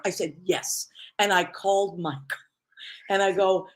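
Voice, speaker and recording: An effusive woman host chatting casually with her guest. She tells a story with plenty of exclamations, in a medium-pitched voice. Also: moderate pace. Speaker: talk show host. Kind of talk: casual interview chat.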